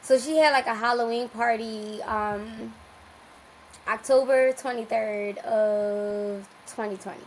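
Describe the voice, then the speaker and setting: A woman chats casually as a podcast guest, retelling her story with lively energy and frequent laughter. Her voice sits a touch high, and a faint hiss runs underneath. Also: poor audio. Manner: animated, laughs often, quick restarts.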